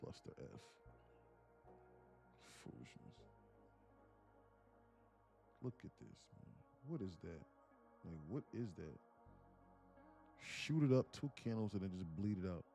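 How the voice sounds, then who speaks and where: Low, lively man on a trading stream. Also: slow pace, creaky, pauses often, over music. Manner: animated storytelling, acts out quotes, laughs often; muttering commentary on charts. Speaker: livestream day trader. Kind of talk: casual livestream chat.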